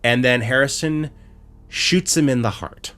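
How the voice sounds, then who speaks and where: A man's voice: mid-range voice, unhurried, sharp tone. A man co-hosting a podcast, recapping a show in a profane, exasperated rant full of restarts. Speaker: podcast co-host.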